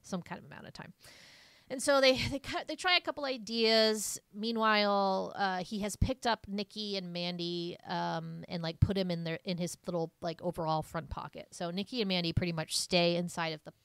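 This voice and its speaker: A woman co-hosting a podcast, rambling through a movie plot with plenty of "like" fillers. Her voice sits on the low side. The sound is dry and close, with almost no room around it. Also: steady tone, a bit bright, clean tone, no echo. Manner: rambling, heavy use of "like", quick laughs. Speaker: podcast co-host. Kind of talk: casual movie recap chat.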